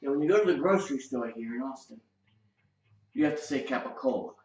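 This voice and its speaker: A man's voice: mid-range voice, expressive, quick pace, darkish tone. Blunt, profane New man, echoey. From outside New York City. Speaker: cooking show host. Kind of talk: casual cooking demo with political rant. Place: home kitchen, indoors. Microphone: webcam. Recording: echoey, distant, muffled, faint music.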